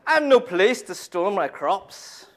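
A boastful rich farmer with a put-on Scottish accent, as a preacher acts him out. He muses slowly and fondly over his plans, with a raised, lively pitch that rolls up and down. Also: heavily acted. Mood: pleased scheming.

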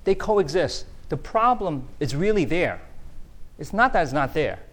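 A man's voice: a little high, sing-song, a little slow. A middle-aged man, preaching a conversational sermon that keeps checking in with the audience. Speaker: pastor.

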